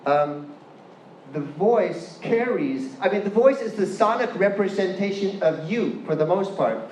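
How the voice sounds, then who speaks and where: A man's voice: high voice, lively intonation, unhurried, darkish tone, a little hiss or hum. A man with a Californian accent giving a playful, chatty university lecture and asking the audience questions. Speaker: guest lecturer. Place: lecture hall. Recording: echoey hall with faint room ambience.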